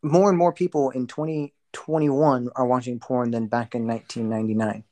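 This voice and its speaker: A man's voice: mid-range voice, fairly even intonation, brisk, mellow. A young man co-hosting a podcast, talking frankly in casual chat, rambling and laughing easily. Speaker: podcast co-host.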